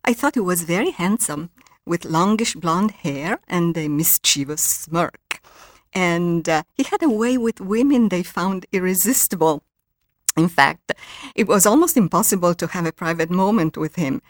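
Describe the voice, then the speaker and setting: An older woman from Italy with an Italian accent, a guest author who talks haltingly with many ums and reads from her novel. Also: lowish voice, expressive, no room sound, studio quality. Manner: hesitant, many ums and uhs. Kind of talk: interview, reading from her novel.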